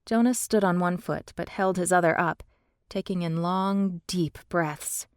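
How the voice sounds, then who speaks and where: A woman narrating a fantasy audiobook in the first person, steady and measured, on a close studio mic. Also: on the low side, no echo.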